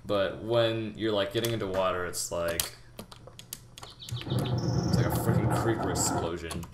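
Young guy rambling through a game tutorial, deep voice, sounds out of breath, echoey room with lots of noise. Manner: rambling, halting, many fillers and restarts. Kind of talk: casual gameplay tutorial. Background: keyboard typing and mouse clicks.

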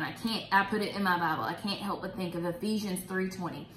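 A woman's voice: medium pitch, normal speed, hardly any pauses, fairly bright tone. A woman hosting a casual Bible study talk, chatty and enthusiastic. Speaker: host. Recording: roomy echo.

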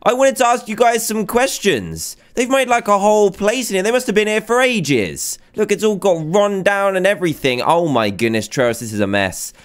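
A man hosting a video game let's play, excitable and chatty, exclaiming often. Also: high-pitched, normal speed, hardly any pauses, clear, resonant tone. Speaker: gaming video host.

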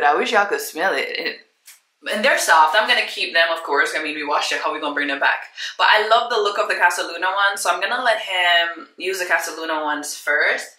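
A woman talks straight to her viewers, chatty and effusive, in a casual home vlog. Her voice is very bright and sharp. The handheld camera picks her up in an echoey room at home. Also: fairly low pitch. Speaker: vlogger.

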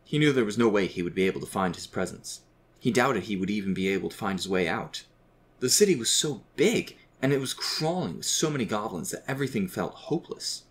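Low-voiced male storyteller. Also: fast. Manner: steady, expressive reading. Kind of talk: scripted fantasy story narration.

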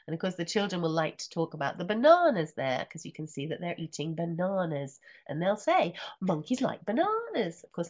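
Animated, husky woman reading a picture book. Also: lowish voice. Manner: animated, sing-song chanting of the refrain. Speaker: teacher trainer. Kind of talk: reading a picture book aloud with teaching commentary. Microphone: computer microphone in an online session.

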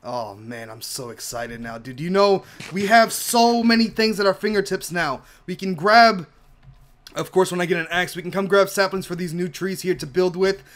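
A young man giving casual let's-play commentary while gaming, excitable and gushing, often repeating himself. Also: high voice, moderate pace. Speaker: gaming YouTuber.

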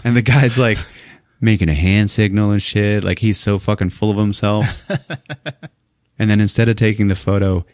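Very low-voiced man recapping a movie. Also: no room sound, clean studio sound. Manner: profane, laughing often. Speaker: podcast host.

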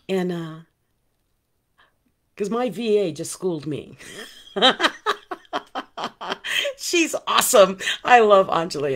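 A middle-aged woman hosting a live online group call, her voice a little husky and sitting low. She talks in a chatty, animated way and calls on listeners by name. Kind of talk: casual live-stream talk to an online group.

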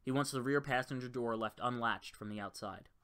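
A man's voice: mid-range voice, a little fast, a bit bright, smooth, close to an everyday voice. A man voicing a young female flight attendant, speaking in a tight, strained voice under threat. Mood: tense.

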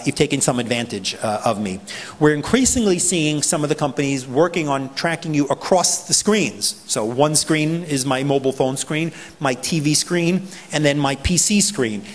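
A man with a New York accent gives a lively talk, his voice sitting a little high for a man. He plays out other people's reactions as he goes. The sound rings with a long reverb, as in a big lecture hall. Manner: animated, acts out people's reactions. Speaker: privacy advocate speaker. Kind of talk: conference talk.

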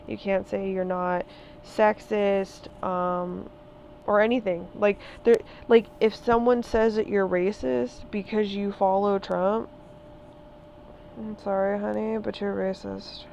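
This twenty-something vlogger delivers an emphatic, swear-laden monologue, hammering each point through repetition. She speaks slowly in a mid-range, fairly mellow voice with mostly even intonation. The lo-fi recording has a slight hiss or hum.

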